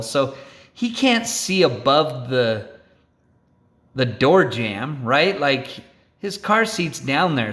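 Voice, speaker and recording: Male storyteller, slightly high voice, slow and deliberate, theatrical, keeps checking in with the room. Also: a bit bright. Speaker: storyteller speaker. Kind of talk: animated storytelling to an audience.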